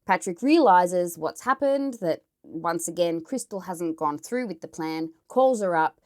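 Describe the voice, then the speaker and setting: A woman's voice: lowish voice, animated, a little slow, a little mellow. An Australian woman telling a true crime story in a casual, chatty way, blunt and swearing as she editorialises.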